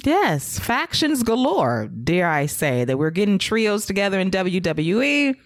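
A woman hosting a casual wrestling talk show, briskly recapping segments and acting out promos. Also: mid-range voice, very animated, no room sound, studio quality. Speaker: wrestling podcast host.

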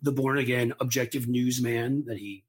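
A man co-hosting a podcast, talking politics in a wry, deliberate way with frequent stammering restarts. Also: medium pitch, fairly even intonation, slightly rough. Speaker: podcast co-host. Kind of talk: casual political chat.

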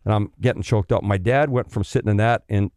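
A middle-aged man from Canada, a former pro hockey player, telling stories in a casual, animated way, swearing freely and acting out the people he quotes. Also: on the low side, fast talker, clear, resonant tone, no room sound, clean studio sound. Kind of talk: casual storytelling.

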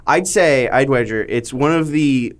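A man co-hosting a movie podcast, chatting casually and telling animated stories. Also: medium pitch, a little slow. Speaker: podcast co-host.

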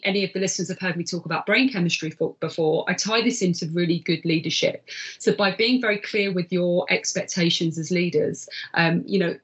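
A woman's voice: fairly low pitch, husky. A woman speaking as an interview guest on workplace wellbeing, earnest and talkative. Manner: earnest, many fillers and restarts, animated. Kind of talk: conversational interview.

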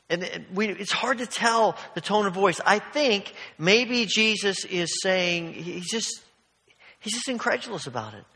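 In a church sanctuary with long hall reverb, a pastor preaches a sermon, telling stories conversationally with plenty of asides. His voice is on the high side, bright and forceful.

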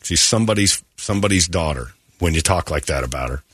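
Lively low-voiced man telling a story. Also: fast talker, breathy edge, no room sound, studio quality. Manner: storytelling, jumps into quoted voices. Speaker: radio show host. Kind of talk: casual morning radio banter.

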